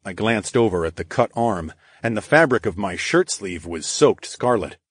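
A man narrating a first-person audiobook in a steady, measured way. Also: lowish voice, breathy edge, no echo, studio quality.

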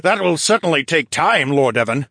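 A man doing a calm, composed merman duke. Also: a little high, moderate pace, gravelly, no room sound, studio quality, pitched above the performer's own voice, heavily acted. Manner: reassuring, composed. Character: calm diplomatic merman duke, middle-aged. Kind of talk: audiobook character voice.

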